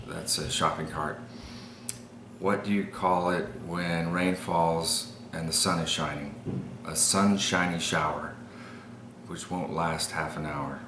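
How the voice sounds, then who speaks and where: A man's voice: low voice, background noise. A man from El Paso with an El Paso accent, reading accent-tag questions and explaining his accent in a matter-of-fact way. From El Paso, Texas. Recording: roomy echo.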